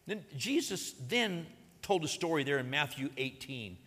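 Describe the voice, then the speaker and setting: Male pastor, bright forceful tone, long reverb, earnest sermon delivery. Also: on the high side, very animated, moderate pace. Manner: earnest preaching, retells a parable with acted quotes.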